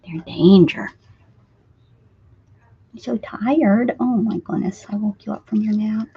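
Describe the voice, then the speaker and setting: A woman with a gravelly, husky mid-range voice hosts a casual craft-room livestream, steady in tone and moderate in pace. She coaxes her cats in sing-song baby talk and now and then whispers softly. The stream audio is dull and lo-fi with faint noise.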